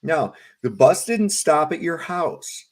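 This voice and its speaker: A middle-aged podcast co-host with a fairly high, animated voice speaks slowly as he tells stories. His casual chat is blunt, ranting, and full of profanity.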